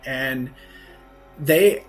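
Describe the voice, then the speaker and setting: A man's voice: medium pitch, drawn-out words, faint music behind. A man, a guest author on a podcast, telling a story earnestly and often correcting himself mid-sentence. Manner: earnest anecdote telling with frequent self-corrections.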